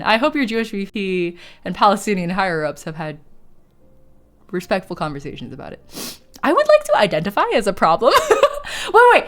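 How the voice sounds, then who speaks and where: A woman chatting casually on a live stream, reading out viewer messages and reacting with frequent laughs. Her voice sits mid-range and moves about lively. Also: mid-range voice. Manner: chatty, reads chat aloud, laughs often.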